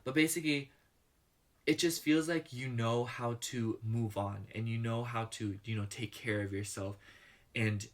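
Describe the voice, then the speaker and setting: Man, casual tarot reader, talky and rambling, relaxed everyday voice. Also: medium pitch, unhurried. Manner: chatty, rambling, fillers like "you know"; murmurs softly while shuffling and pulling cards. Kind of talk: casual pick-a-card tarot reading.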